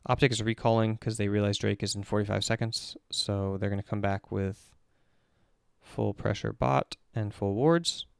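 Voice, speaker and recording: A man coaching esports players talks through a match replay and picks apart each play with lively, analytical energy. His voice is smooth and resonant. The sound is dry and close to the mic. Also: lowish voice, moderate pace, no echo. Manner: analytical, animated, breaks down plays step by step. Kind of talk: casual game-replay commentary on a stream.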